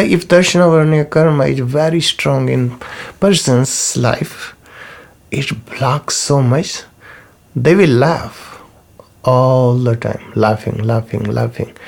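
Slow gravelly man teaching. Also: mid-range voice, darkish tone. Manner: unhurried, repeats key terms, non-native phrasing. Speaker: spiritual teacher. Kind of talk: slow spoken teaching talk.

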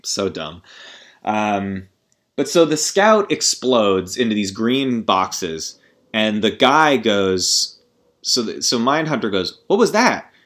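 On his podcast, a man with a lowish, slightly bright voice delivers a very animated but slow-paced rant about a film. It's a casual review full of frustration, profanity, asides, and plenty of false starts.

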